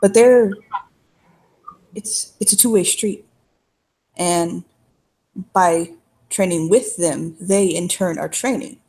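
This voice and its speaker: A woman's voice: on the low side, takes it slowly, long pauses, a little mellow. A woman playing her character in a tabletop role-play game, telling a long, folksy, rambling story in character.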